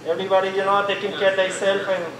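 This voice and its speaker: A woman answers a street interviewer haltingly, with many pauses. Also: mid-range voice, completely flat delivery, crowd noise. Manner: hesitant, with many pauses and fillers. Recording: distant, echoey, noisy outdoor clip.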